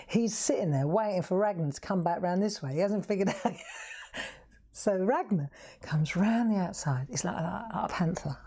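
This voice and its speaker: A woman's voice: lowish voice, warm tone, breathy edge. A woman hosting a live craft demonstration, chatting to viewers and laughing often as she works. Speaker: craft show host.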